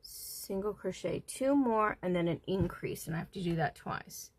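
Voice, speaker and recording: A woman hosting a casual crochet livestream, counting stitches softly under her breath and chatting with viewers. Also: on the low side, animated, normal speed. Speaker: livestream host.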